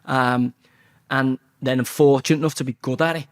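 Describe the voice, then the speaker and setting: This is a Scouse man in his forties, an ex-footballer appearing as a guest in a casual storytelling interview. He speaks at medium pitch and normal speed, swearing freely and livening his anecdotes by acting out quotes.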